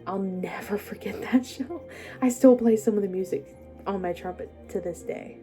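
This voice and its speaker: A young woman telling her own life story to the camera, halting and hesitant with many pauses, sometimes dropping to a near-whisper. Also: medium pitch, warm tone, faint music behind.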